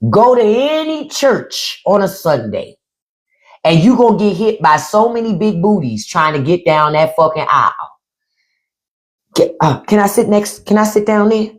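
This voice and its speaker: A woman hosting a live stream in casual comedic chat, loud and playful, swearing and swinging her voice from high to low. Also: very animated, normal speed. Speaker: podcast host on a live stream. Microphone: phone or desk mic on a live stream.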